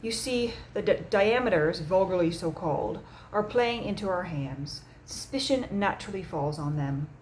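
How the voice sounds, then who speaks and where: A woman voicing a calm, measured man who leads a secret society, speaking gently and matter-of-fact in an audiobook reading. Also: fairly low pitch, a little hiss or hum, lightly acted, rough recording.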